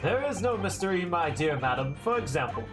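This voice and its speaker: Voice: medium pitch, big pitch swings, slow pace. A streamer voicing an eccentric, pompous detective with a shaky, put-on British accent while reading a game aloud, with game music behind. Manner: grandiose, theatrical, mock-British.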